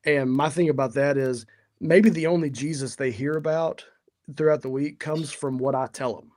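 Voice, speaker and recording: A man's voice: medium pitch, steady tone, moderate pace, darkish tone. A man speaking as a podcast guest in a sincere, hesitant way, with many fillers. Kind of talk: casual interview talk.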